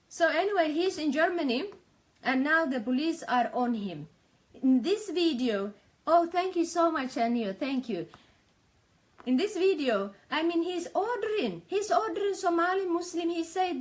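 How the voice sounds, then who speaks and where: A woman's voice: high-pitched, very animated, measured pace. A woman talking in a casual live stream from her attic on a tablet mic, agitated and repeating herself. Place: home attic.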